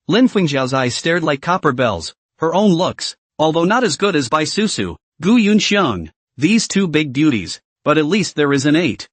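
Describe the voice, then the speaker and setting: A man reading a scripted story recap narration in a lively, expressive way. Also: on the high side, normal speed, few pauses, no room sound.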